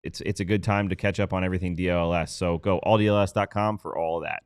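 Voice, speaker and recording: Deep smooth-voiced man reading promos. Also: steady tone, fast, no echo. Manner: loose, joking promo delivery. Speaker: podcast co-host reading ads. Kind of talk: casual podcast chat and ad read.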